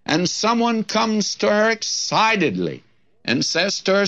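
A man preaching a sermon in a slow, earnest way, reading scripture aloud with dramatic delivery. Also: sits high, huge pitch swings, fairly bright tone. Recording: dull lo-fi sermon recording.

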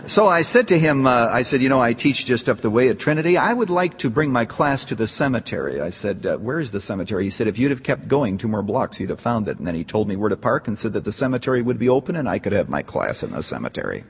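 A man's voice: medium pitch, big pitch swings, fast talker, few pauses, breathy edge. A man preaching a sermon, telling a story and rising to fervent appeals. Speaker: pastor. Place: large church. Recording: dull, echoey church hall.

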